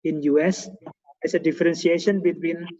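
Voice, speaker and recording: A man's voice: a little high, fairly even intonation, normal speed, warm tone. A man with an Indonesian accent hosting a webinar, speaking hesitant English with many fillers and repeated words. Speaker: host of a guest lecture webinar. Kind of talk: hesitant conversational English on a video call. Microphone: video call. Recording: echoey, muffled video call audio.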